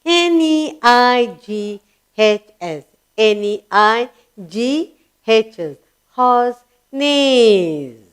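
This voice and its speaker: A woman with an Indian English accent teaches small children in a slow, sing-song lesson voice. Her pitch sits a little high, and she spells words out letter by letter. She keeps asking the class questions and then answers them herself. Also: lively intonation, smooth. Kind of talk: kids' lesson narration.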